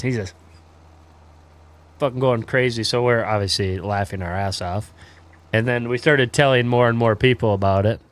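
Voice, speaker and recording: A man's voice: medium pitch, no echo. A man in his twenties, a livestreamer telling a crude story in laid-back, rambling casual chat full of fillers.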